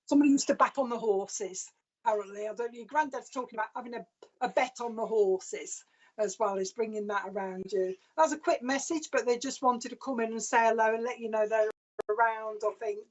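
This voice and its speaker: A woman's voice: fairly high pitch, brisk. Chatty woman psychic, lo-fi sound. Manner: chatty, relays messages loosely with fillers. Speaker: psychic medium. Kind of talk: live-stream psychic reading. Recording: dull lo-fi stream sound.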